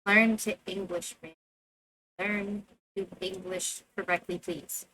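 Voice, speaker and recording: A woman's voice: medium pitch, level tone, slow, sharp tone. A woman streamer giving casual gameplay commentary, playfully talking to the game characters and to herself.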